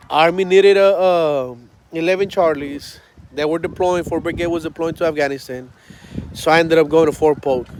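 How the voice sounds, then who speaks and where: A man in his thirties, an army veteran, tells stories in a loose, casual way full of fillers and swearing. His voice sits a little higher than most men's. Steady noise runs under the recording. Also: rough recording. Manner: swears freely, loose storytelling with many fillers. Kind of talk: casual storytelling on a livestream.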